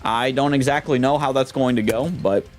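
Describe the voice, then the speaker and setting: A man's voice: medium pitch, steady tone, normal speed, soft background music. A man streamer in casual live-stream chat, rambling and often repeating and restarting his words.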